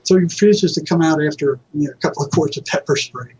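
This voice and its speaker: A man, a mental health counselor, telling lively anecdotes as a guest in an interview and acting out what others said. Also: a little high, quick pace, a little hiss or hum. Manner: animated anecdotes, acting out quoted people. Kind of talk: conversational storytelling. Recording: dull lo-fi audio.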